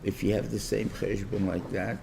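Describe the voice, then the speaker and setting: An older man, a rabbi giving a Torah class lecture, talking haltingly with many repeated words and acting out little dialogues. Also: lowish voice, flat delivery, vocal fry, background noise. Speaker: rabbi teaching a weekly class.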